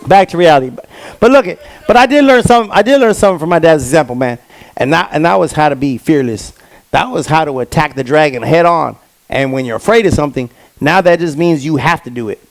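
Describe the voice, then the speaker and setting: A man doing a stand-up comedy set on stage, telling stories with lively quoted voices. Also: a little high, dry recording. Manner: animated storytelling with quoted voices. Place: comedy stage before a live audience.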